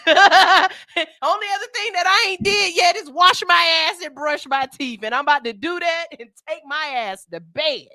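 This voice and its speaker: A woman's voice: on the high side, sharp tone, dry recording. A woman hosting a morning radio show in a studio, talking candidly with plenty of cursing and a pep-talk tone while reading listener comments.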